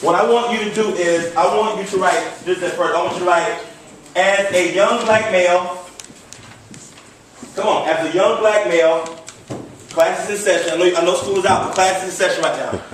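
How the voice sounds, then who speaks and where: A man's voice: high voice, steady tone, normal speed, fairly bright tone, slight background noise. A man giving a commanding motivational speech to an audience, leading call-and-response with lots of repetition. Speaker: motivational speaker. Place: large hall before an audience. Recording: echoey hall from far off.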